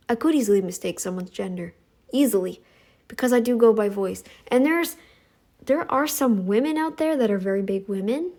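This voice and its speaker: A woman's voice: normal speed, darkish tone. A middle-aged woman hosting a commentary channel, talking in a sassy, scolding monologue aimed at her critics. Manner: sassy, scolding, mocks others in high voices.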